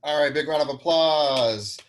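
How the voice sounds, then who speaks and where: A man's voice: fairly high pitch, measured pace. A man teaching an online acting class over a video call, giving direct, encouraging feedback and practical tips to his students. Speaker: acting coach.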